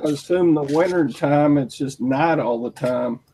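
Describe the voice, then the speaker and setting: A man rambles on in a relaxed way on a group call. His voice sits a bit high for a man, and there is clear background noise on the line. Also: moderate pace, low-quality recording. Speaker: chat participant. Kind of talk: casual group chat.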